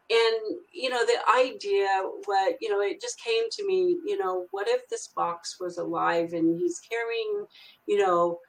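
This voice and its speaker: A medium-pitched older woman, grandmother and children's author, rambles through a story as the guest of a casual storytelling interview, with frequent fillers and restarts. The recording is low quality.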